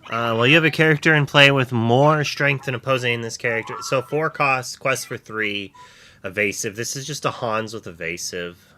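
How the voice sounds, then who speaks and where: A man's voice: medium pitch, normal speed, pushed and bright, slight background noise. A man reviewing cards on a livestream, rambling as he weighs up each card aloud. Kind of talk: casual chat on a livestream.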